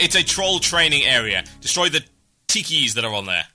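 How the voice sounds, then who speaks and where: A man hosting a podcast, chatting briskly and wryly while he plays a game. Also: mid-range voice, animated, sharp tone, soft background music. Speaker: podcast host. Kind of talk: casual gaming podcast chat while playing.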